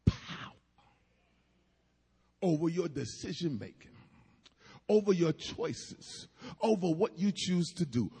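A man's voice: high voice, big pitch swings, slow, long pauses, husky, long reverb tail. A man preaching a sermon with emphatic cadence and asides to the congregation.

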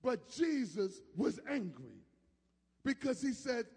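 High-voiced preacher in a reverberant hall. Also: male voice, lively intonation, a little slow, husky. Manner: preaching with sudden shouted peaks and soft asides. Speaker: pastor. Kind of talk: sermon.

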